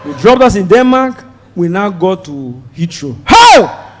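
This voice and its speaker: High-voiced, animated Nigerian comedian. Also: male voice, normal speed, big-room sound. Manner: animated, shouts and mimics voices while telling the story. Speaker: stand-up comedian. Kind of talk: stand-up comedy storytelling.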